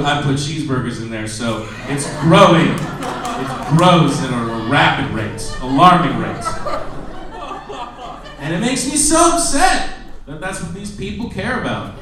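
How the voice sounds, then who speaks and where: A man's voice: very animated, measured pace, distant mic, a crowd in the background. Self-mocking young stand-up man in an echoey club. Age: 20s. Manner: self-deprecating, swings from low mutter to loud shouted bits. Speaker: stand-up comedian. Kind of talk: stand-up comedy set. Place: comedy club stage. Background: audience laughter.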